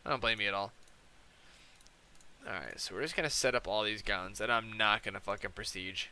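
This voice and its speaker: Fairly quick, lowish, and sharp yet clean in tone, a young gameplay commentator tells slangy, profane stories while he plays. He says "like" and "dude" constantly and acts out quoted people with shifted voices.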